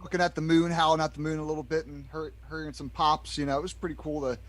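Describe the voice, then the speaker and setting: A man joining a podcast chat and telling a relaxed, loose story. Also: a little high, fast. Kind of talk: casual chat.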